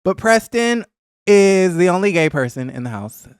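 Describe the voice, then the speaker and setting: Gossipy man, smooth and clear, on a dry, close mic. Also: normal speed, dry recording. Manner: gossipy and animated, acting out cast members in a higher voice. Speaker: reality TV recap vlogger. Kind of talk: casual chat.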